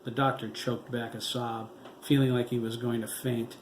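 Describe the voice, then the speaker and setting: A man reading his own horror novel aloud in a slow, dramatic storytelling manner. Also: medium pitch, level tone. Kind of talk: audiobook narration. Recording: echoey room with faint background noise.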